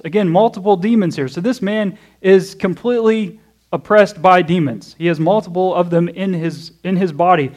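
A man's voice: high voice, normal speed, darkish tone. A man preaching a morning sermon in church, walking through a passage and asking the congregation questions. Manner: conversational, checks in with "okay?" and "right?"; asks questions to the audience and answers them. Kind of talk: expository sermon.

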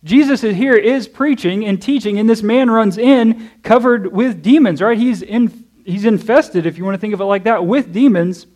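Preacher, male, higher register, conversational sermon with frequent audience check-ins. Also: moderate pace, a little mellow. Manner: conversational, checks in with "okay?" and "right?"; asks questions to the audience and answers them. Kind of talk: expository sermon. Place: church.

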